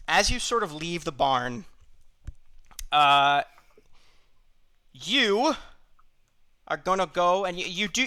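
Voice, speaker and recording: A young man narrating a tabletop game as game master, laughing often and halting with fillers and restarts. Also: fairly high pitch, bright, forceful tone.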